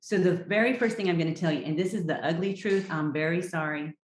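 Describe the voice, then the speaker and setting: A woman appearing as a health coach guest, speaking emphatically and directly as she gives advice. Her voice sits on the low side for a woman. The recording has a roomy echo around it. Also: fast talker, slight background noise. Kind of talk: casual chat, giving advice.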